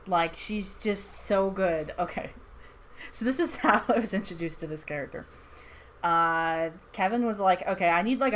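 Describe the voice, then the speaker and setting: A woman's voice: lowish voice, a bit bright. A woman chatting casually about a character from a tabletop game, giggling often and acting out quotes. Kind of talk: casual chat.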